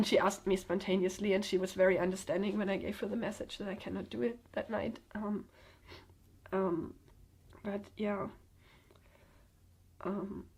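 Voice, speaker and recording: A young woman speaking to camera in a halting, hesitant way, with many pauses and fillers, telling a personal story. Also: medium pitch, breathy edge. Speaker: vlogger.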